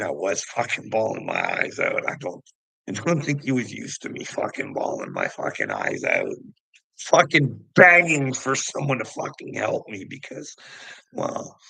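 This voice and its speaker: A man's voice: deep voice, a bit bright, no room sound, low-quality recording. A man telling a personal story to camera in a rambling, profane way, often laughing as he goes. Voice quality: gravelly. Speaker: vlogger.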